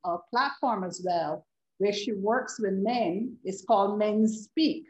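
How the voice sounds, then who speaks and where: A woman's voice: mid-range voice, slow pace. Woman hosting an interview in an echoey room. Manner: affirming, summarizing interviewer. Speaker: online forum host.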